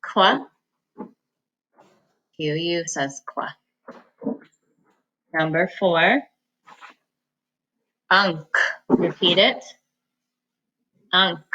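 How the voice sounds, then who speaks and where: A woman teaching a reading lesson, slowly sounding out words and syllables and pausing for the listener to repeat them. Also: low voice, sharp tone, muffled recording. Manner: slow, patient enunciation of words and syllables; repeats each word for the listener to echo. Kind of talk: phonics lesson, slow and clear.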